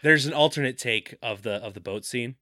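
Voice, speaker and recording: A man's voice: mid-range voice, brisk, no echo, clean studio sound. A man co-hosting a podcast, chatting casually about a film and acting out characters' lines. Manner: animated, acts out characters' lines. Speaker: podcast co-host. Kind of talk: casual movie recap chat.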